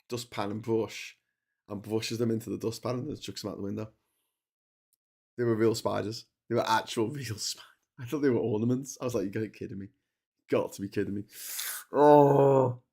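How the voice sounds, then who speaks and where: Over a streaming setup, a livestream host of medium pitch and darkish tone runs a long solo session of travel stories. His casual telling rambles and restarts many times, and he is losing his voice.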